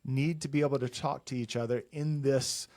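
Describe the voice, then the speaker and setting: A man's voice: mid-range voice, steady tone, a little fast, darkish tone. A man guest on a podcast, a couples counselor, speaking earnestly and thinking aloud as he explains. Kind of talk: conversational podcast interview.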